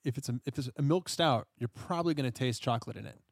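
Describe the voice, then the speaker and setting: A man co-hosting a casual podcast, relaxed and rambling, often filling with "like". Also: mid-range voice, fast, gravelly, no room sound, studio quality. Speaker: podcast co-host. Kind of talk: casual chat.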